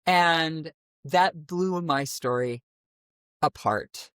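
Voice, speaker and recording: A woman from the American Midwest with a naturally deep voice, an interview guest telling her story expressively and animatedly. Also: extremely slow, clear, resonant tone, dry recording, clean studio sound. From middle of the United States. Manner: expressive, animated storytelling with sudden vocal demonstrations. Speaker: guest, voice teacher. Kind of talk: conversational interview.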